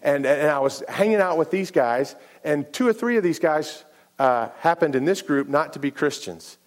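Middle-aged male pastor in a sermon, animated storyteller, jumps up in pitch for quoted dialogue, frequent restarts. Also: moderate pace. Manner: animated and repetitive, many restarts, acts out dialogue.

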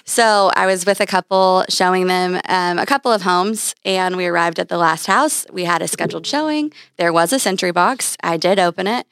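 A woman's voice: lowish voice, moderate pace, vocal fry, hardly any pauses, fairly bright tone, smooth, dry recording. A woman real estate agent telling a story in a casual chat, rambling and filling with "like.". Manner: rambling, heavy use of "like".

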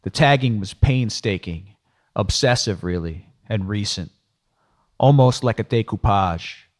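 A man's voice: fairly low pitch, a little slow, darkish tone. A man narrating a first-person audiobook in a dry, sardonic storytelling manner.

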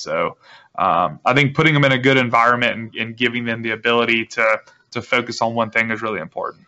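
A man guest explaining his business in a relaxed, rambling interview manner, with many restarts. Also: medium pitch, fast. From South Carolina. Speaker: guest, real estate wholesaler. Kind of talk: casual interview talk. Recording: dull lo-fi audio.

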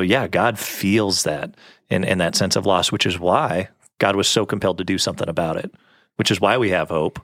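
Man, low voice, earnest and reflective, casual preaching chat. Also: a bit bright, no echo, clean studio sound. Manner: earnest, reflective, many fillers. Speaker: pastor co-hosting a faith talk.

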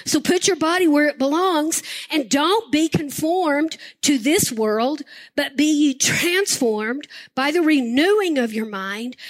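An older woman pastor preaching a sermon with impassioned, emphatic repetition. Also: high voice.

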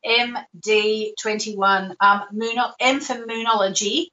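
A woman's voice: mid-range voice, fairly even intonation, slow, pushed and bright, distant mic, dull audio. A woman hosting an astrology call-in show, talking in a chatty, reassuring way and sometimes correcting herself.

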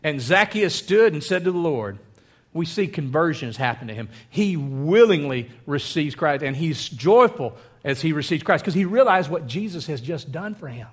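High-voiced preacher, animated. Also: male voice, normal speed, slightly rough. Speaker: pastor. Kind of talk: sermon.

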